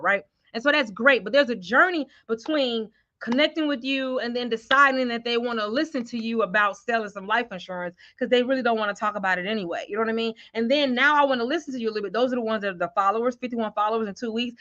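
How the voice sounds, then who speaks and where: A middle-aged woman, giving an animated, slangy live sales training and talking straight to her viewers. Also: on the high side, quick pace, hardly any pauses, muffled recording.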